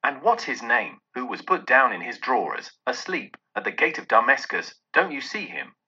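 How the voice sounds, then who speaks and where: A man's voice: mid-range voice, sing-song, normal speed, sharp tone, slightly rough, full character voice. A man voicing an elderly male miser who wavers between laughing and crying as old memories return. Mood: tearful excitement. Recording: dull lo-fi recording.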